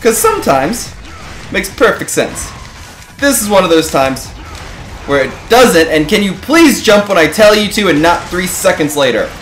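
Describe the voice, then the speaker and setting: A man hosting a let's play, giving gaming commentary, swearing often and getting animated and frustrated at the game. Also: high voice, normal speed, echoey room, faint music behind.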